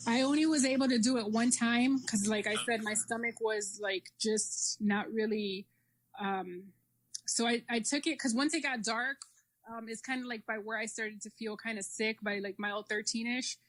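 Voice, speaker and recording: A woman's voice: a little high, normal speed, a little hiss or hum. Chatty woman, lots of fillers. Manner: rambling, many "like" and "um" fillers. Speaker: triathlete guest. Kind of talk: casual interview chat.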